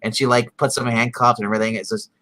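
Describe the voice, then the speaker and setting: A man casually recapping a TV episode, rambling with lots of fillers and acting out characters' lines in animated bursts. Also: medium pitch, very fast, no room sound, low-quality recording. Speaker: podcast co-host recapping a TV episode. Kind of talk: casual chat.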